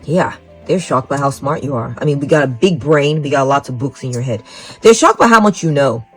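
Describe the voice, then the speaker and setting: A woman's voice: very deep voice, lively intonation, brisk, slightly rough, rough recording. Rambling woman giving a tarot reading. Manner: rambling, repetitive, encouraging, talks straight to the viewer. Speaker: tarot reader. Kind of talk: psychic tarot reading to camera. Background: faint music.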